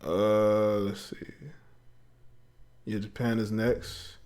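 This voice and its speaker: A livestream talk show host with a lowish, level, slightly mellow voice draws out his words as he chats in slang, laughing a little while reading viewers' comments on his call-in show.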